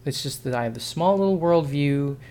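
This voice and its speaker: A man's voice: on the high side, expressive, brisk, warm tone. A man vlogging an unscripted opinion monologue, frustrated and sarcastic, rambling with frequent restarts and self-corrections.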